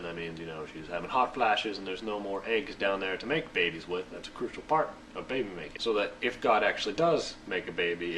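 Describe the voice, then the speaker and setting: A man's voice: low voice, sharp tone. A young man hosting a casual, jokey reading and explanation of a scripture passage, recorded from a distance with faint noise. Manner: goofy, slangy, jokey. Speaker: show host.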